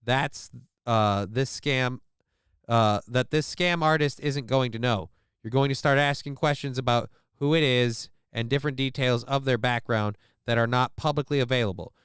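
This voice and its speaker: A man's voice: mid-range voice, moderate pace, a bit bright, clean tone, dry recording, studio quality. A man hosting a stream, reading out a news story and reacting to it with rambling, profane jokes. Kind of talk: casual crude reaction commentary.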